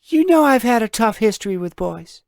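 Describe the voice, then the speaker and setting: A man's voice: high voice, very animated, normal speed, creaky, a little mellow, no room sound, clean studio sound, voice pushed up, full character voice. A man reading an audiobook, voicing an insecure, hot-tempered young woman who talks in a snappy, defensive way. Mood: apologetic.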